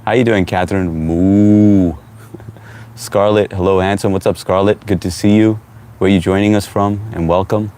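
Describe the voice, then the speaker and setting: A man hosting a casual live stream, reading out viewer comments and greeting people by name in a relaxed, chatty way. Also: deep voice, moderate pace. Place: at home.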